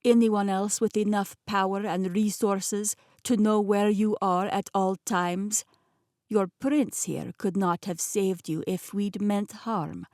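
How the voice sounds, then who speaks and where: A woman voicing a scheming, smooth-talking man with a Russian accent, speaking in a slow, patronizing way. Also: mid-range voice, fairly even intonation, darkish tone, no echo, clean studio sound. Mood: persuasive.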